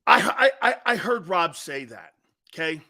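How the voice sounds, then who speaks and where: A man's voice: sits high, animated, measured pace, creaky, bright, forceful tone. A man hosting a sports talk show, ranting with emphatic, combative opinions and repeating himself for emphasis.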